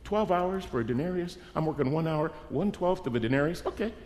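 A preacher putting on a quiet, disbelieving laborer. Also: male voice, fairly high pitch, animated, fast, lightly acted. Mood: incredulous. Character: incredulous male day laborer counting his pay. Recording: long reverb of a large hall.

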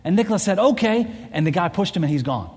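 A man in his forties, a pastor telling a family story in a sermon, animated and full of restarts. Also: a little high, rapid-fire, slight background noise. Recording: long hall reverb.

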